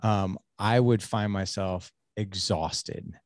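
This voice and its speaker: A fairly low-pitched man in his forties hosts a podcast in easy conversational chat. He talks in lively bursts, doubling back on words and checking in with "right?" The recording is dry and close, with no room sound. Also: slow pace, no echo. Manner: animated, many restarts and "like", "right?". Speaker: podcast host.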